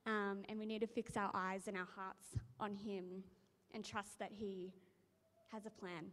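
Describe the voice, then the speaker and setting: A woman's voice: mid-range voice, level tone, measured pace, fairly bright tone. A woman reading scripture and sharing a casual testimony in church, with lots of ums and likes. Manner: chatty, many ums and likes. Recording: reverberant church hall.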